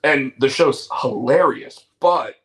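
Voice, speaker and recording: A man's voice: medium pitch, slow pace, fairly bright tone, poor audio. A man hosting a casual talk show, telling stories with lots of fillers and restarts. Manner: rambling storyteller, many fillers and restarts. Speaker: show host. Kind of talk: casual chat.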